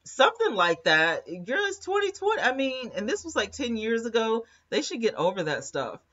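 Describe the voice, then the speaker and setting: A woman's voice: on the high side, very animated, normal speed, a bit bright. Chatty woman, lo-fi stream audio. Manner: chatty, laughs often, reads viewer comments aloud. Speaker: host of a live commentary stream. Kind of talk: casual live-stream commentary.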